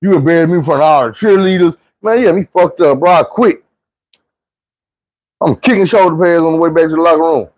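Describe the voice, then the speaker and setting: Slangy man telling a story, fairly high voice. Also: a little fast, darkish tone, no echo. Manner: slangy, profane, conversational. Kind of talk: casual storytime monologue.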